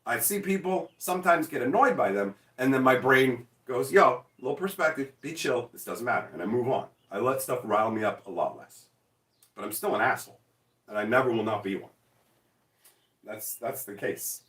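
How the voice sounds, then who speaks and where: Excitable, profane man in his forties. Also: medium pitch, moderate pace, reverberant, distant mic. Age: 40s. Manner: profane, excitable, self-mocking. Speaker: streamer answering chat. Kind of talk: casual livestream chat.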